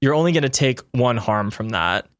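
A man's voice: medium pitch, animated, normal speed, no echo, studio quality. A man narrating as game master, loose and hesitant, with fillers and light laughs.

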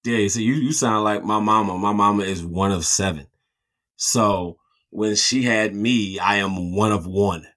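A man in his thirties co-hosting a casual podcast, telling lively stories and acting out family members' voices. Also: fairly low pitch, unhurried. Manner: animated storyteller, acts out voices of family. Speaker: podcast co-host. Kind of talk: casual chat.

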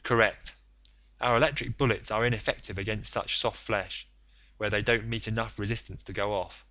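A man's voice: fairly low pitch, fairly even intonation, normal speed, bright, forceful tone, highs cut off. A man reading the part of a stern, resolute sea captain in a curt, matter-of-fact way, in an audiobook.

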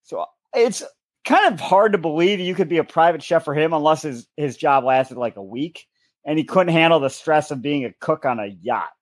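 Lively-pitched man in easy podcast chat. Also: moderate pace. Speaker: podcast co-host. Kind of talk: casual chat.

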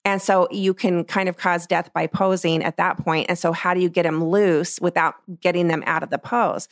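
A middle-aged woman, a portrait photographer, explaining her craft in a casual, animated way and acting out what she says to clients. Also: lowish voice, normal speed, no echo, clean studio sound. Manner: lively, acts out what she tells clients. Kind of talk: casual teaching talk.

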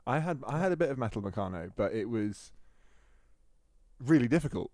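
A man's voice: medium pitch, animated, fairly quick, a little mellow, no room sound, studio quality. Enthusiastic, laughing man on a podcast. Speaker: co-host. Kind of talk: casual podcast chat.

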